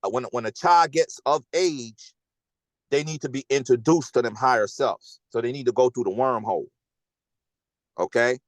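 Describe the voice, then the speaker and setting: A host tells a personal story in a loose, animated way, leaning on slang and checking in with "okay?" as he goes. He has an ordinary middle-pitched voice, and the sound is dry and close with no room echo.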